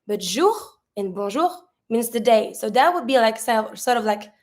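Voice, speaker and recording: A woman's voice: a little high, lively intonation, normal speed. A woman, a native French speaker, teaching French greetings in a chatty way, asking herself questions and answering them. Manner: sprinkles fillers like "like".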